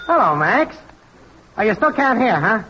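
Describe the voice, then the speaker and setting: An actor playing a pushy, slangy male network technician in a 1940s radio comedy sketch, loud and wisecracking, with sing-song test calls. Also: high voice, very animated, moderate pace. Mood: phone banter. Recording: dull noisy 1940s radio broadcast.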